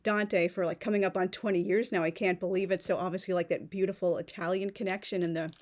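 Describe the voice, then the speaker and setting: Woman in her thirties, chatty vlogger voice, rambling with many fillers and restarts, slightly low pitch. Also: steady tone, quick pace, darkish tone. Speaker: pen vlogger. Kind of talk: casual unboxing chat.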